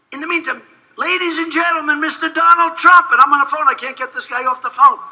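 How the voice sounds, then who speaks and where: A man giving a rambling, boastful campaign rally speech, repeating himself and sometimes shouting. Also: very high-pitched, fast, poor audio. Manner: shouts at times to a crowd. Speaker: political candidate.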